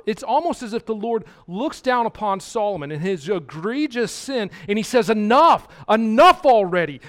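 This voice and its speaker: A man preaching a sermon as a pastor. He repeats key words and swings between quiet asides and loud, emphatic lines. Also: high voice.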